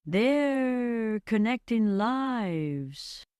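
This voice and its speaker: A man's voice: extremely high pitch, animated, extremely slow, darkish tone, clear, resonant tone, no room sound, clean studio sound, pitched above the performer's own voice, exaggerated voice. A narrator voicing an old male professor with a German accent, speaking carefully and hesitantly. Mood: pondering.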